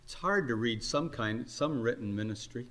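An older man preaching a sermon, earnest and unhurried, his voice climbing on emphatic questions. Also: medium pitch, expressive, a bit bright. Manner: earnest, slow exhortation with rising emphatic questions.

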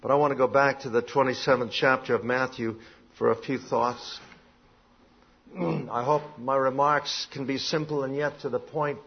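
Husky preaching man, lo-fi recording. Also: medium pitch, fairly even intonation, normal speed. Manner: preaching with rising emphasis, quoting scripture; clears throat often. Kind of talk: sermon.

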